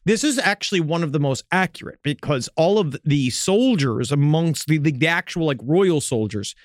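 A man co-hosting a podcast in casual chat, excitable and jokey, swearing freely. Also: a little high, moderate pace, no room sound, studio quality. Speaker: podcast co-host.

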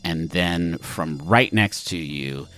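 A man narrating a tabletop game as game master, relaxed and full of fillers. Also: deep voice, slow, a little hiss or hum.

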